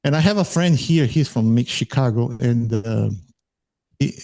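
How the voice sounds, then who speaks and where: A man with a Brazilian Portuguese accent talks as a guest in a relaxed chat. His voice is gravelly and mellow, and he pauses to hunt for the right words. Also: medium pitch. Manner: searching for words, thoughtful. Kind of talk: casual interview chat.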